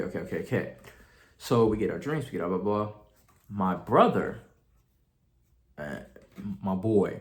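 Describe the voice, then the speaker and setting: A young man telling a story to camera in a casual, slangy way, acting out what people said. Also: fairly low pitch. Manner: animated, slangy, acts out quotes. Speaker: vlogger.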